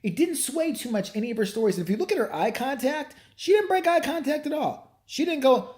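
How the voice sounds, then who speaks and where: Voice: high voice, expressive, brisk, hardly any pauses, darkish tone. A comedic commentator ranting crudely about a TV interview, brash and profane.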